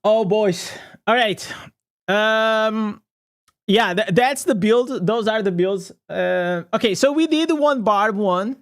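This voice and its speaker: A gaming content creator gives casual, excitable reaction commentary, chatty and laughing often. He has a high voice and speaks at a slow pace.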